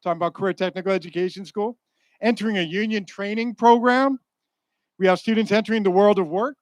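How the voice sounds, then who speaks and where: A man giving an energetic graduation speech at a school ceremony, rallying and joking with the graduates. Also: high-pitched, fast talker, no room sound.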